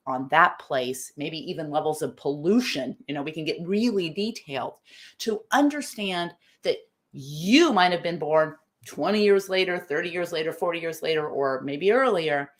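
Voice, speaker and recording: A middle-aged woman from the United States, with a lowish voice, is the host of a live-stream talk. She muses out loud, keeps restarting phrases, and reads comments from her viewers.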